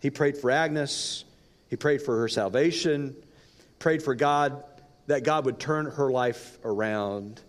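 A pastor speaks slowly in a medium-pitched voice as he narrates a story within his sermon, dramatic and changing speed for effect. Long reverb from a large hall fills the recording.

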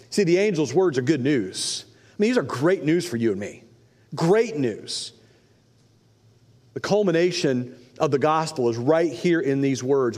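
Male pastor, lively storytelling sermon, slightly high voice, long hall reverb. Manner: animated storytelling, acting out voices.

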